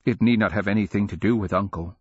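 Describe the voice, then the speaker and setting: Young princess, perceptive and measured, speaks with careful halts, put on by a male narrator; husky, lo-fi. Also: lowish voice, no room sound. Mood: earnest. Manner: measured, thoughtful, faltering restarts. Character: calm, perceptive young princess, teenage girl.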